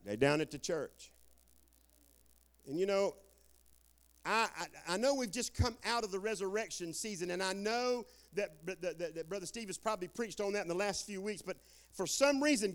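A man preaching a sermon in a folksy storytelling way, joking with the congregation and dropping into quiet asides. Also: high-pitched. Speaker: guest preacher.

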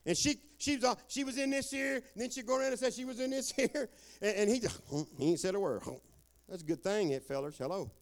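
A man preaching a sermon in a folksy storytelling way, joking with the congregation and dropping into quiet asides. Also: sits high, fast. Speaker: guest preacher.

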